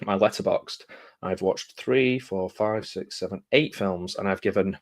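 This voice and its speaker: A man's voice: sits low, a little slow. A man chatting casually about films, reading blurbs aloud and breaking off into rambling, self-interrupting asides. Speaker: film vlogger.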